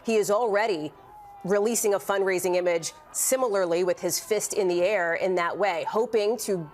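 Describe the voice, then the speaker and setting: A woman's voice: mid-range voice, normal speed, a little hiss or hum. A female news correspondent gives live analysis in the studio. She speaks fluently and stresses key words, turning often to the anchor by name.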